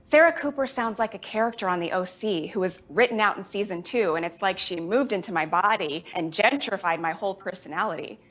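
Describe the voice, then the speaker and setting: A woman born in Jamaica hosting a comedy show, delivering a deadpan stand-up monologue. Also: mid-range voice, fairly quick, few pauses. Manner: deadpan, dry delivery with put-on voices for family.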